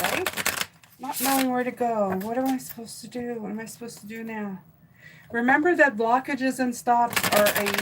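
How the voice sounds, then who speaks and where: A woman's voice: a little high, very noisy. A middle-aged woman doing a live stream tarot reading, chatting loosely and reading out viewer comments with fillers and restarts. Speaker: tarot reader.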